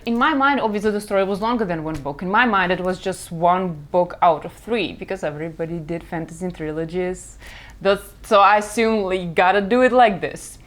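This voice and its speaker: A woman's voice: on the low side, brisk. A young woman with a Russian accent whose first language is Russian, chatting casually about her work in a rambling, frank way that keeps correcting itself. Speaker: comic creator. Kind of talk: casual chat.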